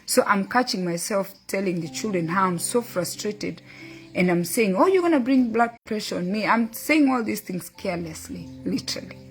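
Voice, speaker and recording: A woman's voice: mid-range voice, expressive, normal speed, faint music behind. A middle-aged woman hosting a motivational talk, earnestly telling a story and quoting her son and a book. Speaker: host.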